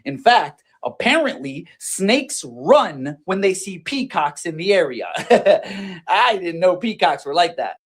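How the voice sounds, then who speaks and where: A woman's voice: lowish voice, big pitch swings, takes it slowly, breathy edge. A woman hosting and commenting playfully on clips, often laughing. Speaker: host reacting to clips.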